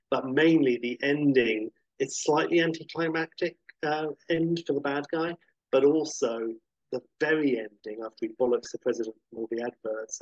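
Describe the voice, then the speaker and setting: Husky guy gushing about movies, dry close sound, kinda muffled lo-fi. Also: medium pitch, no room sound. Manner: enthusiastic, animated when retelling scenes. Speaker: podcast co-host. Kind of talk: casual film chat.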